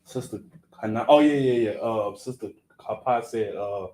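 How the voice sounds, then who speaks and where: A male student answering a teacher in class, halting and hesitant with many fillers. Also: fairly low pitch, mellow. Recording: echoey room, far from the mic, faint background noise.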